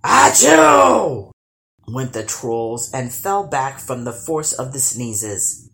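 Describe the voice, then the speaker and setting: A woman storyteller reading a children's storybook aloud with expressive, animated narration. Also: extremely low pitch, slow, slight background noise.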